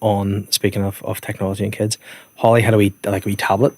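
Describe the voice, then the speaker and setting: A man's voice: lowish voice, level tone, quick pace, dry recording. A man, a comedian chatting on a podcast with wry, joking asides. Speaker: comedian guest. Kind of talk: casual podcast chat.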